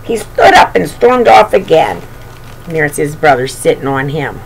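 A woman reading a children's picture book aloud, with expressive narration and chatty asides to the listener. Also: low-pitched, normal speed, vocal fry, slight background noise, rough recording. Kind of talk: storybook read-aloud.

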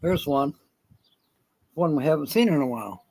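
A man's voice: fairly high pitch, animated, moderate pace, very noisy. A man hosting a casual live stream outdoors, rambling and chuckling as he answers viewers by name. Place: outdoors in sunshine.

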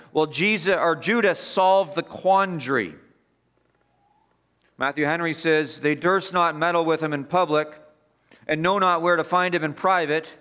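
A man's voice: fairly high pitch, pushed and bright. Emphatic male pastor preaching a sermon. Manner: emphatic, repetitive preaching with rising and falling intensity. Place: church.

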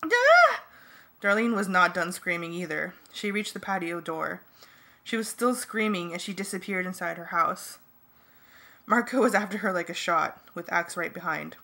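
A woman reading a first-person novel aloud as an amateur audiobook, in a plain, steady manner. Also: fairly low pitch, normal speed, vocal fry. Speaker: audiobook reader.

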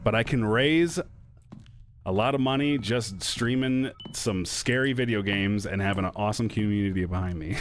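A man, chatting and swearing excitably while streaming a horror game. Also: on the low side, normal speed, slight background noise. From Michigan. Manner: excitable, swears a lot, laughs often. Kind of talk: gaming stream chat.

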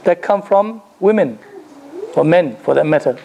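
A man's voice: fairly high pitch, expressive, moderate pace, vocal fry, dark tone, slight background noise, rough recording. A man, an imam, giving a religious lecture to a gathering, telling stories and asking rhetorical questions with a touch of humor.

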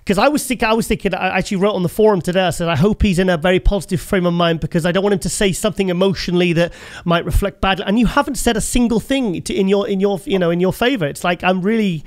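A man's voice: high-pitched, fast, hardly any pauses. A British man hosting a podcast interview, enthusiastic and chatty, often repeating himself and calling his guest mate. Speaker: podcast host. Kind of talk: casual interview chat.

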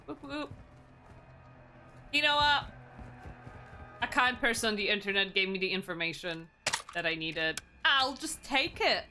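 A woman's voice: medium pitch, expressive, a little slow, long pauses, pushed and bright, faint music behind. Rambling self-deprecating woman streamer. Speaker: game streamer. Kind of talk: casual gameplay commentary.

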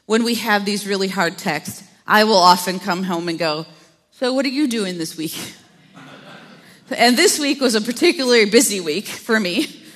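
A woman's voice: mid-range voice, a bit bright. Midwestern woman pastor preaching in a reverberant church. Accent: Upper Midwest American. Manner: conversational, playful asides to the congregation. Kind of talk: sermon. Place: church sanctuary.

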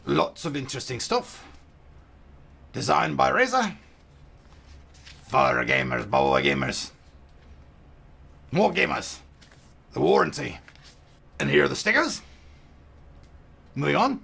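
A man doing a gruff pirate voice in a playful way while unboxing a product, with sound effects between his words. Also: fairly high pitch, big pitch swings, normal speed, long pauses, a bit bright, exaggerated voice.

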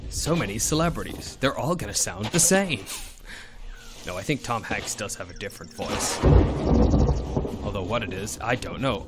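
A man's voice: fairly low pitch, lively intonation, moderate pace, long pauses, very noisy. A man streaming a game alone, chatting casually, joking around and swearing freely. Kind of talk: casual solo gameplay chat.

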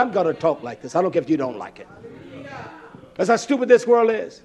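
A man with a notably high-pitched voice delivers a sermon. He reads scripture and then scolds his listeners bluntly. His volume swings from loud outbursts to low mutters. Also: very animated, a little fast, long pauses, husky. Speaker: preacher.

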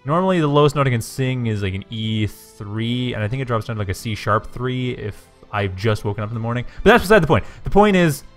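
A man's voice: medium pitch, fast talker, hardly any pauses, faint music behind. Chatty male esports caster, morning voice. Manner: chatty, self-correcting, excitable at action moments. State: low morning voice after just waking. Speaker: game caster. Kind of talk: esports play-by-play commentary.

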